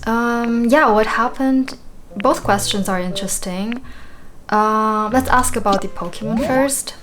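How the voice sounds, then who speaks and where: A woman's voice: a little high, measured pace, fairly bright tone. Chatty woman playing a game. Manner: chatty, thinking aloud while playing. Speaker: gaming video creator. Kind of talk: casual let's-play commentary. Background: game music.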